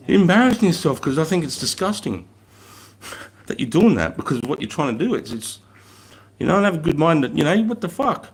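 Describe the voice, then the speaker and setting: A man's voice: on the high side, sing-song, fast talker. An Australian man in his thirties, a former army instructor, telling stories in a casual live stream with blunt, heavily profane speech.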